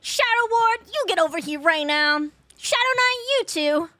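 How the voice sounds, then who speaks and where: A woman putting on a stern middle-aged mom voice, calling people by name and scolding them loudly. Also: very high-pitched, lively intonation, normal speed, dry recording, clean studio sound, voice pushed up, heavily acted. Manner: loud, commanding, calls names out sharply.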